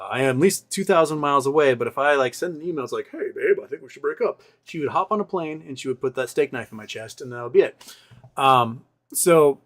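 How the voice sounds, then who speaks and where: A male host rambling through a personal story in casual talk, often acting out what other people said. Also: mid-range voice. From Seattle area. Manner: rambling, animated retelling with quoted voices.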